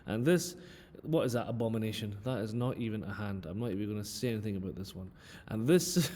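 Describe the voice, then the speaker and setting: A man's voice: on the low side, animated, quick pace, warm tone, big-room sound. A man who is a physics teacher, telling a casual story and mockingly judging drawings. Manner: playful mock-outraged teasing.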